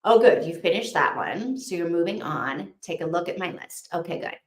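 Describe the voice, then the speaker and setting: A woman hosting a casual live reading sprint, chatting with viewers in a gushing, excitable way. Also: on the low side, moderate pace. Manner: gushing and excitable, with frequent "oh my gosh". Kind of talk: casual livestream chat. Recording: echoey room.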